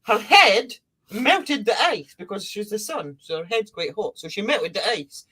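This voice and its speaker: A woman's voice: medium pitch, expressive, measured pace, sharp tone, breathy edge. A woman co-hosting a podcast, telling a creation myth in a casual, playful way. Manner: playful, breaks into silly character voices. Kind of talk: casual storytelling chat.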